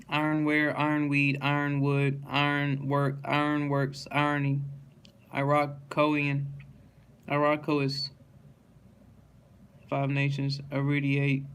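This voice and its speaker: A man reading dictionary words aloud one after another in a slow, steady monotone, stumbling and restarting on hard words. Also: fairly high pitch, a little hiss or hum.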